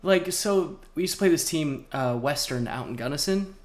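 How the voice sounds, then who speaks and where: A man's voice: a little high, moderate pace. A young man co-hosting a podcast, telling sports stories in a rambling, casual way with lots of fillers. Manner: rambling, animated storytelling with frequent fillers. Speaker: podcast co-host. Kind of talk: casual chat.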